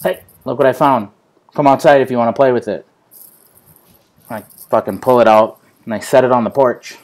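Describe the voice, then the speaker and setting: A man hosting a loose group chat on a livestream, swearing freely as he spins stories. His voice sits at a middling pitch and he acts out the people in his tales with lively energy. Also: normal speed. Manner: profane, animated storytelling. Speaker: vlog host.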